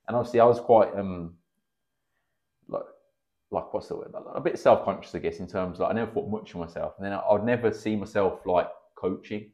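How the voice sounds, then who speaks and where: An English man in his thirties, a kickboxing coach appearing as a podcast guest, tells stories in a chatty, casual way, swearing freely and acting out what people said. His voice is lowish and warm, and he talks fairly quickly. The podcast audio is slightly dull and lo-fi.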